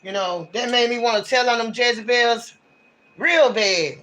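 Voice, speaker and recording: A man's voice: very high-pitched, normal speed, sharp tone. A man giving a casual livestream tarot reading, talking in a blunt, slangy, ranting way. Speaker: tarot reader.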